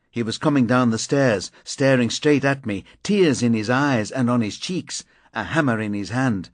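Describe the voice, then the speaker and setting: A man reading a crime thriller audiobook in measured, grim first-person narration. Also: mid-range voice, dry recording. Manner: measured, grim, deliberate delivery.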